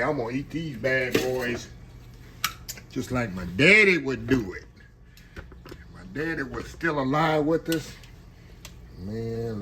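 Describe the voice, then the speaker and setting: A man's voice: fairly low pitch, noisy background. A man from Texas with a Texan accent, chatting folksily to viewers while cooking at home and calling them y'all. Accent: Texan Southern. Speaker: cooking channel host. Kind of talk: casual home cooking vlog. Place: home kitchen.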